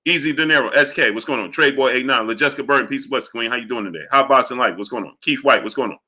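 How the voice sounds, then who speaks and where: A man's voice: mid-range voice, very fast, bright, forceful tone, husky. A man hosting a live boxing stream, arguing with chatters and greeting them by name. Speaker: livestream host. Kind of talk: live chat boxing talk.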